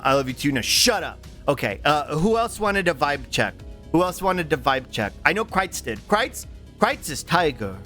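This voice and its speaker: Male streamer, slightly high voice, halting and fond, soft music under him. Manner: halting, with many repeated words and restarts; affectionate and giggly. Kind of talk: casual livestream chat reading chat.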